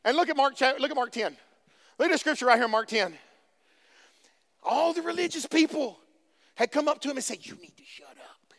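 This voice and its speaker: A pastor preaching a fervent sermon, calling out to his congregation and swinging between hushed passages and shouts. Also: extremely high pitch, animated, fairly quick, long pauses. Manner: fervent preaching with call-and-response.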